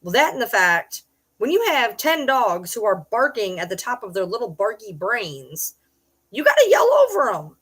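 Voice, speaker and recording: A woman's voice: mid-range voice, expressive, moderate pace, husky. Blunt, profane middle-aged woman streamer. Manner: blunt and profane, with loud yelled bursts. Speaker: streamer reading chat. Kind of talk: casual live-stream chat.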